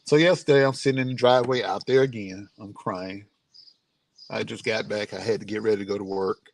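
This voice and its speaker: Low, gravelly-voiced man sharing heartfelt stories. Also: steady tone, brisk, slight background noise. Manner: heartfelt, grieving, encouraging. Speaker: vlogger. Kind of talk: casual personal storytelling. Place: outdoors near his home.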